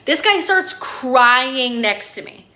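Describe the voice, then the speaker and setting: Bright-voiced woman telling a story in an echoey room. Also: high-pitched, slow pace. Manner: earnest, animated, lots of "like" and "literally". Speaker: woman sharing her dating story. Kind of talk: emotional personal storytelling.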